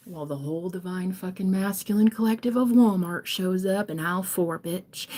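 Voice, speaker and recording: A woman giving a casual reading to camera, animated and profane, sometimes dropping into a whisper. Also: mid-range voice, a little fast, few pauses. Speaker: tarot reader.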